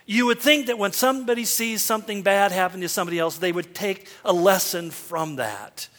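A man's voice: high voice, fairly quick, a bit bright. A middle-aged man preaching a sermon, telling folksy, self-deprecating stories. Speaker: pastor. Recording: long hall reverb.

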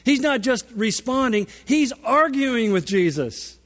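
A man preaching a sermon, animated and emphatic, with dramatic shifts in volume. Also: very high-pitched, measured pace. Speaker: pastor. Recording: long reverb of a large hall.

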